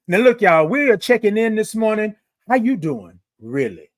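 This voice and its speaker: Lively high-voiced man hosting a livestream. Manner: greets commenters by name, drawn-out greetings, playful sing-song asides. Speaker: livestream host. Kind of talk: motivational livestream chat.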